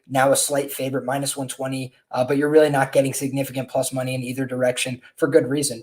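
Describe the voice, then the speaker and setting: A man's voice: a little high, darkish tone. A man hosting a podcast, giving casual, rambling betting analysis of upcoming fights with frequent fillers and restarts. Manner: conversational, many fillers and restarts. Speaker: podcast host and fight handicapper.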